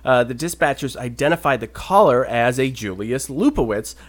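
A man co-hosting a casual talk show, telling an odd news story with animated delivery. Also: medium pitch, normal speed. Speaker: podcast co-host. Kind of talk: casual chat, reading news stories.

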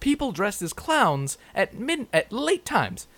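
A man co-hosting a comedy news podcast, with a slightly high voice. His pitch swings widely as he throws in jokey asides and big reactions. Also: very animated, slow pace, fairly bright tone, no echo. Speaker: podcast co-host. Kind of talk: casual chat reading news stories.

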